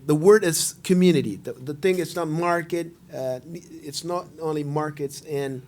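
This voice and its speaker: A man with a Brazilian accent moderates a debate in a slightly higher voice. He asks his questions haltingly, with restarts, as he searches for words. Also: a little mellow.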